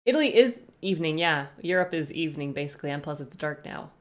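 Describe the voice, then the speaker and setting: Woman, live-stream host, slightly low voice, rambling and chatty while greeting chat. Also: expressive, quick pace. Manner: chatty, rambling asides, greets viewers one by one.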